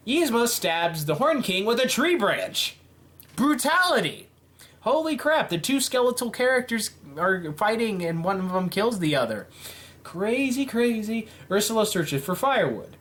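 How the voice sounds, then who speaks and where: A man reading out a simulation game's events and reacting to them with playful, animated commentary. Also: high voice. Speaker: YouTube game commentator.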